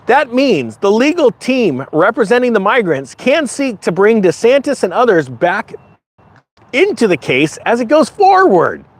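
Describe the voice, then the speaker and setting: Sarcastic male commentary host, high and animated, slips into mocking voices. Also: unhurried, no room sound.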